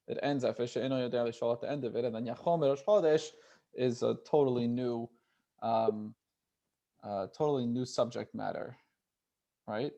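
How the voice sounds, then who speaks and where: A man's voice: medium pitch, mellow, muffled recording. A man leads a youth class in an easy, conversational way. He explains step by step and keeps checking in with his listeners as he goes. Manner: conversational, often checks in with "right?"; reads Hebrew text slowly with the group. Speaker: teacher.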